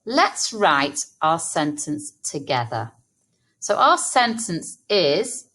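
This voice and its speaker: An English woman teaching a phonics lesson to young children, sounding out words slowly and encouragingly. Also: fairly low pitch, very animated, a bit bright. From England. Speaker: primary school teacher.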